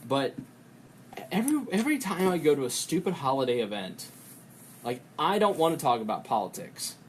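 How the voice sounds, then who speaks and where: A man hosting a podcast, talking in a rambling, profane way and breaking into quick impressions. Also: a little high, sing-song, a little hiss or hum. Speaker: podcast host. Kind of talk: casual podcast chat.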